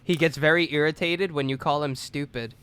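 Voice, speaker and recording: A man's voice: a little high, steady tone, fairly quick, fairly bright tone, clear, resonant tone. A man co-hosting a casual podcast, rambling through movie stories with fillers and crude jokes. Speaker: podcast co-host. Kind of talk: casual chat.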